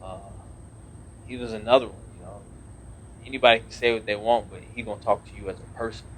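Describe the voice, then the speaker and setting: A man's voice: lowish voice, fairly even intonation, quick pace, slight background noise. A man in his thirties, a naval officer, talking earnestly in a casual podcast interview, rambling with many restarts.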